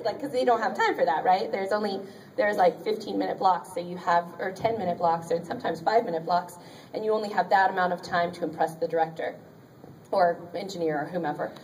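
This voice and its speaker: A woman's voice: lowish voice, fast talker, a little mellow, slight background noise. Chatty woman on a convention panel, distant. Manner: chatty and upbeat, frequent ums and laughs. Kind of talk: convention panel talk giving career advice. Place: convention panel room with an audience. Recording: distant audience recording in a convention room.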